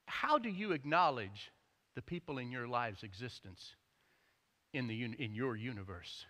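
Male pastor, bright lively delivery, joking sermon, echoey church hall. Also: mid-range voice, moderate pace. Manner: animated, jokey storytelling. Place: church sanctuary.

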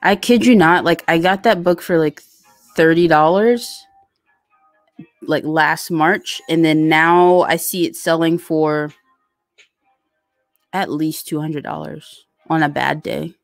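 A woman with a lowish voice chats casually on a live stream, reading viewer comments aloud. She rambles and restarts, with plenty of fillers. The sound is dry and close, with faint music under her voice. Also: fairly even intonation, slow, long pauses, no echo. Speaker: livestream host reading viewer chat.

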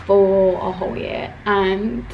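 A woman's voice: mid-range voice, fairly even intonation, takes it slowly, vocal fry, distant mic, lo-fi sound, a little hiss or hum. A young woman chats in a casual vlog, talking emotionally and rambling with many fillers. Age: young adult. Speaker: vlogger.

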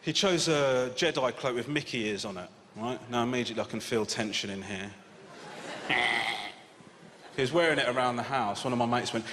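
Man, English accent, 40s, stand-up comedian, sardonic, exasperated, shouty bursts, long hall reverb. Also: medium pitch, a little fast, long pauses. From England. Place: large venue with a live audience. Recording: live hall reverb with loud audience noise.

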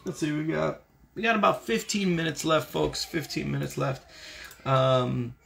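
A man's voice: on the high side, fairly even intonation, unhurried, vocal fry, a bit bright, slight background noise. A young man, a voice actor, chatting casually with viewers on a livestream while signing autographs, laid-back and upbeat.

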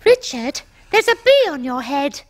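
A woman voicing a cheerful young female panda puppet in a children's puppet show, bright and sweetly teasing. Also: high-pitched, very animated, unhurried, loud music behind the voice.

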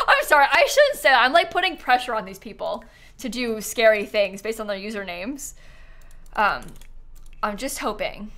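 A woman's voice: on the high side, sharp tone. A young woman doing casual live-stream commentary as she tours viewer builds, bubbly and giggly, gushing over what she sees.

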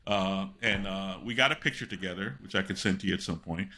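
Animated older man telling rambling stories. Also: low voice, brisk. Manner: animated, rambling anecdotes with many fillers and self-interruptions. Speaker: guest. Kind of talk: storytelling in a podcast interview.

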